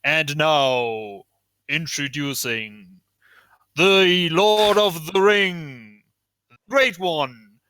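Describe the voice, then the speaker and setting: A man voicing a loud male arena announcer in a tabletop game, stretching out his hype calls. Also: fairly high pitch, very slow, pauses often, smooth, exaggerated voice. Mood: hyped.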